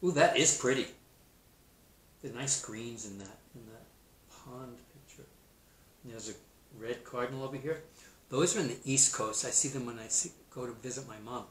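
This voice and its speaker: Playful teacher in an echoey room. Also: male voice, medium pitch, normal speed, long pauses, a bit bright, a little hiss or hum. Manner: playful, chatty, laughs at himself. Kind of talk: online math lesson with read-aloud. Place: Seattle.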